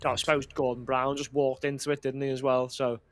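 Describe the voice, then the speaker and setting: A man's voice: mid-range voice, flat delivery, brisk. A man co-hosting a casual political chat, talking bluntly and swearing as he rambles. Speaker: podcast co-host.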